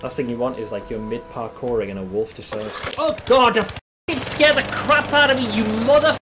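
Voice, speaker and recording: A man streaming a game, commenting live, swearing often and yelling when startled. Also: high-pitched, background noise.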